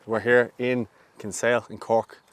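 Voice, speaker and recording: A man's voice: medium pitch, level tone, normal speed, fairly bright tone, no echo. A man hosting a casual sports interview outdoors, with upbeat, friendly banter. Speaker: interviewer, host.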